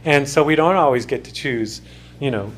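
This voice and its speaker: A man's voice: mid-range voice, normal speed, a little hiss or hum. A man giving a conversational classroom lecture as a sociology lecturer, talking in restarts and asides to his students. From United States.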